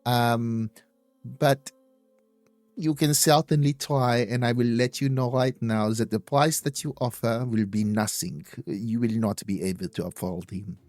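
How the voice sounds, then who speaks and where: A man's voice: medium pitch, fairly even intonation, measured pace, darkish tone, no echo, soft background music, close to an everyday voice. A man voicing a haughty, scornful woman shopkeeper in a tabletop game, speaking with a sneer and talking down to others. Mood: condescending. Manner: condescending, sneering.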